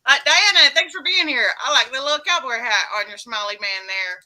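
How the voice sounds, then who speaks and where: Texan woman, chatty livestream host, high and very bright, teasing. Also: expressive, brisk, slight background noise, low-quality recording. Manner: chatty, teasing, greets viewers. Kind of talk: casual live-stream chat.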